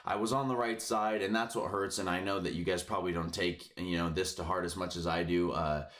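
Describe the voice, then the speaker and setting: Deep-voiced man ranting, profane and frustrated. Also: fairly even intonation, a little fast, fairly bright tone. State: hoarse from yelling. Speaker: sports betting picks host. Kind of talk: casual ranting commentary.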